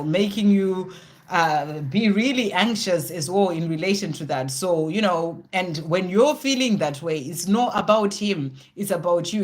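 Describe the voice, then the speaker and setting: A tarot reader hosting a live question session, talking straight to viewers in a reassuring way with many "you know" fillers and thinking aloud between cards. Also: medium pitch. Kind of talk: live card reading with viewers.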